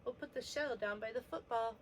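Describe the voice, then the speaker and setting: A woman teaching a preschool letter lesson, gently sounding out each letter for young children. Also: a little high, a little fast, a little hiss or hum.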